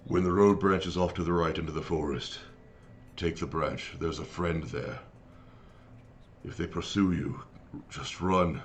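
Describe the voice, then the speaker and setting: A man's voice: deep voice, steady tone, unhurried, slight background noise. A man voicing an aged, battle-worn male paladin who gives terse, urgent warnings in a tabletop game. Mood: grave.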